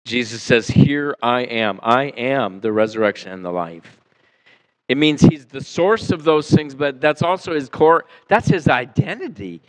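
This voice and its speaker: A male pastor preaching a sermon in a church, animated and conversational, acting out the people he quotes and asking his listeners questions. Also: medium pitch, measured pace, rough recording. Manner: animated, acts out quoted voices, asks the congregation questions. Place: church sanctuary.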